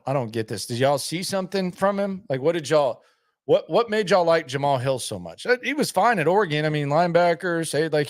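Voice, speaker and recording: A man's voice: a little high, no room sound. Blunt skeptical man, dry sound. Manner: blunt, skeptical, repeats himself, frequent restarts. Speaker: sports channel host. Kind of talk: casual chat answering viewer comments.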